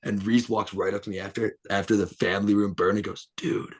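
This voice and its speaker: A man's voice: lowish voice, steady tone, quick pace. A young man telling rowdy, profane stories as a guest on a casual podcast, laughing as he goes. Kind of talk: casual storytelling chat.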